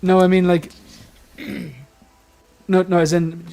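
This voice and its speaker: A man hosts a relaxed livestream panel, his voice sitting a little higher than most men's. He rambles freely, cuts himself off mid-thought and keeps laughing along with his guests. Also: drawn-out words, vocal fry, music in the background. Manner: rambling, restarts and trails off, laughs often. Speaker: livestream host. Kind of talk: casual panel chat.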